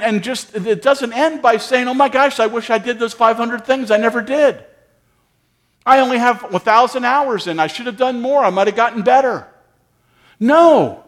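A man's voice: extremely high pitch, a bit bright. A pastor delivering a sermon as a story, a man who talks through each scene and acts out the dialogue.

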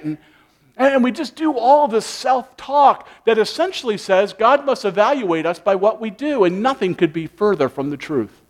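A man preaching a sermon, animated, acting out people's inner voices with sighing asides. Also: extremely high pitch, moderate pace. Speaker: pastor.

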